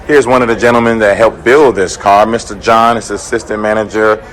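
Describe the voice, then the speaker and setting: Hoarse, chatty man hosting a car vlog. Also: fairly low pitch, steady tone, fairly quick, fairly bright tone, slight background noise. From American South. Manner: chatty, upbeat, addresses viewers directly. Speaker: car channel host. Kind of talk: casual vlog talk to camera. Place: conference room at a car event.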